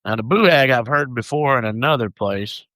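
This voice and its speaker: A man's voice: medium pitch, moderate pace, fairly bright tone, dry recording, low-quality recording. A man with a Southern US accent co-hosting a podcast, telling stories in an easygoing, joking way. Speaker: podcast co-host. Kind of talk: casual podcast chat.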